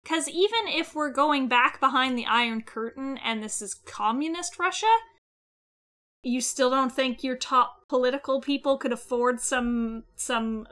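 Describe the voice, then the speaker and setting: A woman's voice: high-pitched, a little slow, bright, forceful tone. A woman co-hosting a casual podcast chat, blunt and skeptical, swearing casually. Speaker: podcast co-host.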